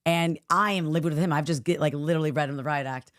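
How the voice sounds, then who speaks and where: A woman talks fast on a podcast, rattling through a story. She jumps into the voices of everyone she quotes. The sound is dry and close. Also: low-pitched, no room sound. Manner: animated storyteller acting out quoted people. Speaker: podcast co-host. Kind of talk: casual chat. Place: studio.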